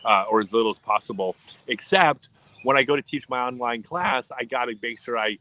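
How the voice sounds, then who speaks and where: Middle-aged man, bright voice, rambling casual livestream chat, frequent restarts. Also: mid-range voice, a little fast, poor audio. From United States. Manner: rambling, chatty, restarts sentences often. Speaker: livestream host.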